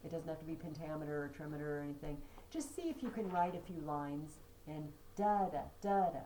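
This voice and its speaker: A woman's voice: low-pitched, fast talker, mellow, slight background noise, low-quality recording. A woman teacher giving a chatty classroom lesson, chanting poetry rhythms aloud. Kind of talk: classroom lecture.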